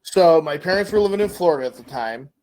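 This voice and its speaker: Animated middle-aged man telling a story. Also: fairly high pitch, quick pace. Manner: animated storyteller, acts out voices. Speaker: co-host asking questions. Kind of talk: casual podcast chat.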